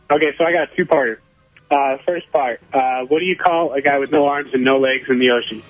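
A man's voice: medium pitch, a little fast. Cheerful male caller, muffled phone. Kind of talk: telling a joke on the phone. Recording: dull phone line.

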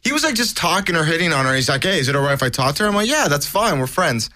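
Animated bright-voiced man telling stories. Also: fairly high pitch, racing. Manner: animated storyteller, laughs often. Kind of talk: casual chat.

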